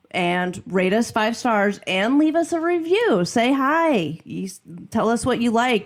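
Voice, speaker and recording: Woman, podcast host, lowish voice, plain steady explaining, home studio. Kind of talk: casual podcast chat.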